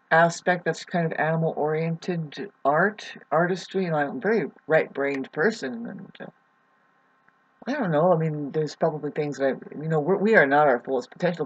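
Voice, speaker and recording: A woman in her forties giving a casual, rambling astrology talk, halting often with fillers and restarts. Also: low-pitched, husky, highs cut off. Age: 40s. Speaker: astrology vlogger.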